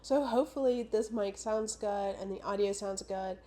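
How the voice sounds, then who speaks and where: A woman's voice: mid-range voice, moderate pace, dark tone. A young woman in her twenties, sick and stuffed up, chatting casually and rambling through a book vlog with lots of "like" and "I don't know". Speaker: booktuber.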